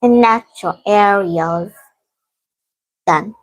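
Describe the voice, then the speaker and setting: A woman's voice: mid-range voice, low-quality recording. Dizzy woman student reading answers. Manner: halting, informal non-native English. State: dizzy from heat. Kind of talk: reading exercise answers aloud.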